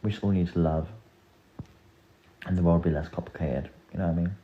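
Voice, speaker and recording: A man's voice: sits low, fairly even intonation, fast, phone-quality sound, heavy background noise. A person with a man's voice chatting casually and earnestly to viewers on a live stream, rambling and confiding.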